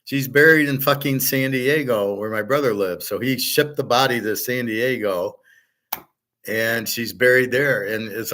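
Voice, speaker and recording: A man's voice: medium pitch, measured pace, pushed and bright. A middle-aged man hosting a show, talking in a blunt, rambling, casual way and swearing now and then. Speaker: show host.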